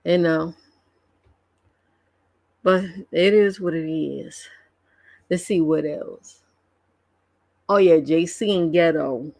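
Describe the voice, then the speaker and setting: A woman's voice: sits low, vocal fry, a little mellow, no echo. A woman streamer chatting casually on a live stream, gossiping and laughing often as she reacts to online drama. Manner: gossipy, laughs often, drawn-out slangy commentary.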